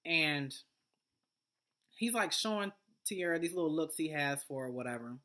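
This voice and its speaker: In a casual vlog, a woman with a notably low but fairly bright voice recaps a reality show at normal speed with lively intonation. She's a TV recap vlogger whose blunt, profane delivery rambles, full of fillers and restarts.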